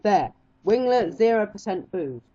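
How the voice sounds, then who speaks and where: A woman's voice: medium pitch, expressive, measured pace, warm tone. Casting: woman playing a laid-back young chicken son, plain mid voice, lo-fi home recording. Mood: casual. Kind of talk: amateur cartoon voice acting.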